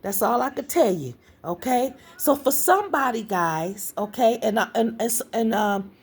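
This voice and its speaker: A woman's voice: on the high side, expressive, moderate pace, breathy edge. A woman doing a casual spiritual reading for her viewers, chatty and repetitive, often calling out to them and restarting her sentences. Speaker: spiritual reader.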